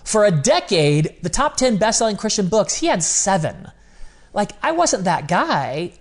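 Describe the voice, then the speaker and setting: A man whose darkish voice sits slightly above the typical male range appears as a podcast guest. He tells stories candidly and earnestly, in a confessional manner, often quoting his own past words as though replaying a conversation.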